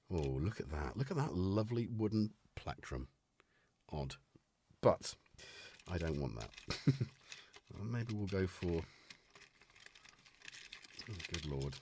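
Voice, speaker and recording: There's a little hiss or hum as a low-voiced man streams live from his home studio, surrounded by gear and music. Casually chatting while he plays, he mutters, chuckles, and rambles as he looks for things.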